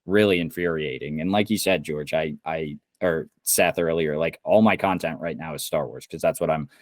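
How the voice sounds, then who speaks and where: A man's voice: extremely low pitch, normal speed, no echo, studio quality. A young man from Indiana, co-hosting a podcast, ranting heatedly and swearing a lot. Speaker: podcast co-host. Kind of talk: casual podcast chat.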